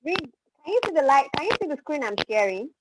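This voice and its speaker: A woman's voice: high voice, sing-song, fast talker, noisy background. A woman teaching an online class over a video call, patiently modeling pronunciation for students to repeat.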